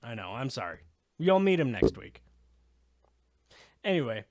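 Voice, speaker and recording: A man's voice: mid-range voice, sing-song, unhurried, no echo, studio quality. A man co-hosting a podcast, telling rambling stories in casual chat with frequent swearing. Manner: rambling, profane storytelling. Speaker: podcast co-host.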